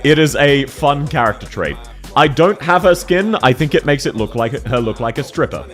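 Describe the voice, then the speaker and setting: A young man casually chatting on a livestream, frank and quick to laugh, answering his viewers while he has the hiccups. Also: medium pitch, animated, a bit bright, soft background music. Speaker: streamer.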